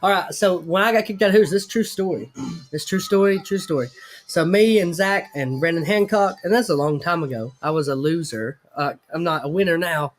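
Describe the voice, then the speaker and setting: High-voiced man telling a rowdy story. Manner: rambling, profane, self-mocking storytelling. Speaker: host. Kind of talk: casual storytelling chat.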